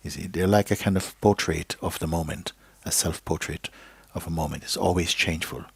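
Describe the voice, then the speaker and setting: A man giving a live spiritual teaching to an audience, speaking slowly and gently, sometimes dropping to a soft whisper and checking in with "okay?" and "you see?". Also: sits low, fairly even intonation, creaky, slightly rough, no room sound. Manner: slow, gentle, drifting into a soft whisper at times. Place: live gathering hall.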